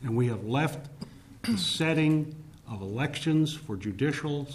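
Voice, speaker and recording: A man giving formal testimony to a legislative committee, speaking deliberately and emphatically, stressing key words, with frequent "uh" fillers. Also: a little high, expressive.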